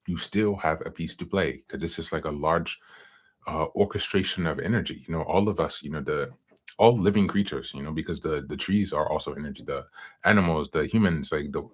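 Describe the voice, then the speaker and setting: A man hosting a self-help podcast, talking casually with many fillers and asides, then reading from a book. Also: deep voice. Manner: rambling, frequent fillers and "you know". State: hiccuping. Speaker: podcast host.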